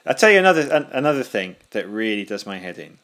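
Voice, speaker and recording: A man co-hosting a podcast, chatting casually in a deadpan, joking way. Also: on the low side, quick pace. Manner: deadpan, joking, absurd banter. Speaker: podcast co-host. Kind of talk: casual chat.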